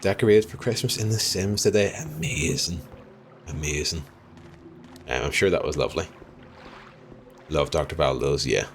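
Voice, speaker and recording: A young Irish man with a deep, low-pitched voice streams a game live and chats easily with his viewers. He talks loosely, laughs a lot and apologizes often. A faint hum of noise sits under his voice. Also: moderate pace, long pauses. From Ireland. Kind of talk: live gameplay commentary chatting with viewers.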